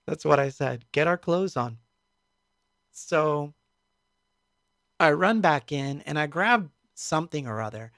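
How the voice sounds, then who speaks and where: A man with a slightly high voice tells a story at an easy, reflective pace, pausing often on fillers. The sound is dry and close, with no room around it. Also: lively intonation, vocal fry, fairly bright tone, no room sound. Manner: halting, reflective, many fillers. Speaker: musician recounting a tour. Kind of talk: casual storytelling stream.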